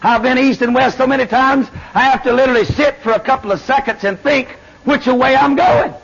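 A man preaching a fiery sermon, swinging between shouted lines and low murmurs. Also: steady tone, brisk, vocal fry, breathy edge. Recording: dull lo-fi sermon recording.

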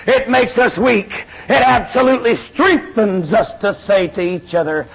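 A man preaching a fiery sermon, swinging between shouted lines and low murmurs. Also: a little slow, creaky, slightly rough. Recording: dull lo-fi sermon recording.

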